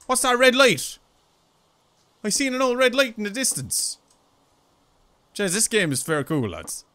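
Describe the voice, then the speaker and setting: A young Irish man commentating a horror game from a desk mic, his voice high and all over the place as he jumps from chatter to sudden yelps. The tone is bright and sharp, with a faint hum of room ambience underneath. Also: moderate pace, poor audio. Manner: excitable, swearing, yelps and screams when startled. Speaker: gaming YouTuber.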